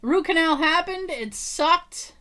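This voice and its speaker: Animated, laughing woman podcast host. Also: extremely high pitch, takes it slowly. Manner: laughing, animated storyteller who swears freely. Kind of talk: casual chat.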